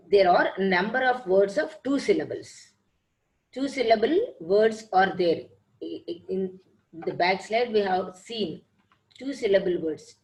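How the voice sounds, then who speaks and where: Slow, patient woman teaching. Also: medium pitch, low-quality recording. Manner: patient, repeats points and examples. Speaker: English teacher. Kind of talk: online lecture.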